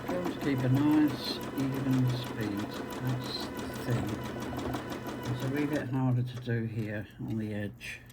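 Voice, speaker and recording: A woman's voice: very deep voice, slow. An English woman with a rambling, chatty manner, talking casually to viewers while she machine-quilts. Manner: rambling, chatty, self-deprecating asides. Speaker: quilting channel host. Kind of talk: casual chat while sewing. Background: loud music and a whirring sewing machine.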